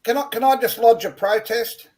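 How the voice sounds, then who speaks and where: A man's voice: extremely high pitch, steady tone, moderate pace, crowd noise, pitched above the performer's own voice. A man voicing a brash, beer-loving bloke in cheeky teasing banter. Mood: mock-indignant.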